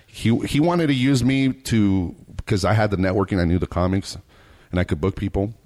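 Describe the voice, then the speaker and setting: A man's voice: on the low side, animated, brisk, a little mellow. A man hosting a casual podcast, telling a story with lots of swearing. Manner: profane storytelling. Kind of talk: casual chat.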